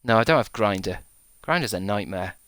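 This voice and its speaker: A man's voice: on the low side, animated, moderate pace, a bit bright, clear, resonant tone, no echo. A man in his thirties, a streamer chatting casually and rambling through profane jokes, often laughing at his own gags. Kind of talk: casual chat to a live stream.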